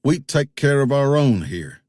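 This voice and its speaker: A man voicing a menacing backwoods boatman with a shotgun in an audiobook, with slow rural threats. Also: medium pitch, sing-song, a little mellow, no echo, studio quality, pitched above the performer's own voice.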